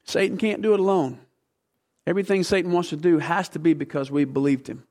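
A pastor in his fifties preaches to his congregation. His voice sits high for a man, and he presses his points with emphatic, repeated questions. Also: fairly even intonation, fairly quick, a little mellow. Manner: rising to fervent, emphatic preaching. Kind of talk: sermon.

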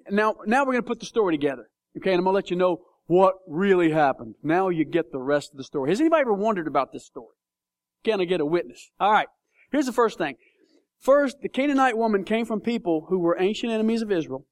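Male pastor, high-pitched, dry close sound, animated sermon storyteller. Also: dry recording. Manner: animated storytelling, acts out voices.

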